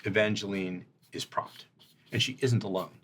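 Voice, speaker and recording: A man running a tabletop role-playing game as game master, setting scenes in measured descriptive narration. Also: fairly low pitch, steady tone, a bit bright, a little hiss or hum.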